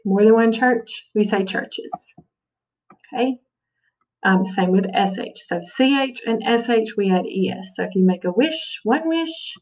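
A woman's voice: mid-range voice, darkish tone, far from the mic, low-quality recording. Patient woman teaching a phonics lesson. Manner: patient, says "okay" often.

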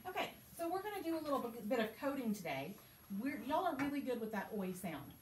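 Guiding a small reading group, a woman teacher speaks in a quick, sing-song way, patient and encouraging as she poses questions. The mic sits far from her middle-pitched voice, so the classroom's echo and a faint background hum come through.

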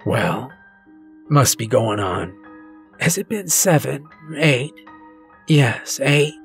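A man voicing a weary, patient old male passenger on a train, speaking softly and quietly. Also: mid-range voice, animated, vocal fry, soft background music. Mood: reflective. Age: older. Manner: soft, quiet, measured.

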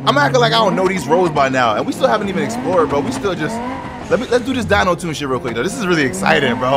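A man giving loud, profane, excitable commentary over his car game, with quick shouted outbursts. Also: high-pitched. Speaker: gaming YouTuber. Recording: noisy game audio behind the voice.

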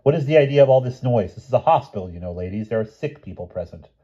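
A man voicing a crabby, bombastic elderly male professor in an audiobook reading, loud and indignant. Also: sits low, fairly even intonation, fast, breathy edge, highs cut off.

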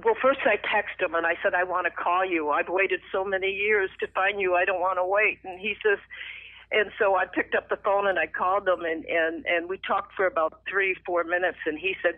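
A middle-aged woman calls in to share her faith testimony, retelling it with feeling and acting out each quote with lively jumps in her voice. Her voice is of middling pitch and comes through a thin, phone-like line. The sound is dry, with no room around it. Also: moderate pace, no echo. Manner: emotional, animated retelling with lively acted quotes. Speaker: radio guest sharing a testimony. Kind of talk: personal faith testimony, storytelling.

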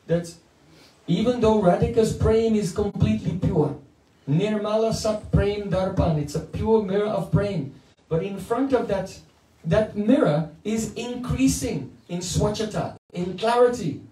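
A man's voice: high-pitched, moderate pace, mellow. Male teacher, playful storyteller, chants verses; roomy, off-mic sound. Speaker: spiritual teacher. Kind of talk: devotional lecture with chanting. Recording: echoey room, mic at a distance.

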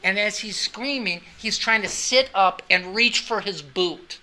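A man's voice: sits high, unhurried, bright, forceful tone. A middle-aged man teaching anatomy and physiology, telling a class a story in a chatty way. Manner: chatty, anecdotal, with frequent "right?" asides. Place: classroom with students.

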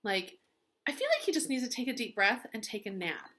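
A woman's voice: fairly high pitch, expressive, a little fast, a bit bright, slight background noise. A young woman teacher chatting through a story recap in a gossipy, sarcastic way, filling her talk with "like" and "um".

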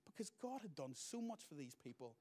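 A middle-aged man, preaching a sermon as pastor, moving between loud emphatic lines and quiet asides. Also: fairly high pitch, sing-song, brisk.

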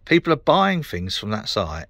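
A man's voice: on the low side, big pitch swings, moderate pace, gravelly, fairly bright tone. A middle-aged man with a British accent, ranting to camera in a frustrated, sweary, rambling way. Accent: British English. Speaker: vlogger. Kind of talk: casual rant to camera.

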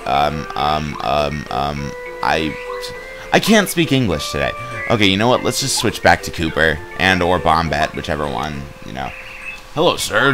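A young man talks his way through a video game in a low, deep voice. He rambles, jokes and restarts his sentences, filling gaps with "um" and "uh". Game music plays clearly underneath him. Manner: rambling and joking, with many fillers and restarts. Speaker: let's play gamer. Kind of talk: casual game commentary. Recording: game music playing behind.

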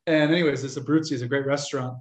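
A young American man, a Catholic priest, telling stories to an audience in a chatty, animated way and acting out the voices of people he quotes. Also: mid-range voice, rapid-fire. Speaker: Catholic priest giving a talk. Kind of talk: casual storytelling lecture. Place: room with an audience. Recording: echoey lecture room.

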